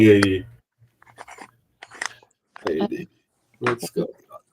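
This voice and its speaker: A man's voice: low-pitched, lively intonation, normal speed, pauses often, darkish tone, a little hiss or hum. Laid-back joking man on a stream. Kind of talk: casual late-night stream chat.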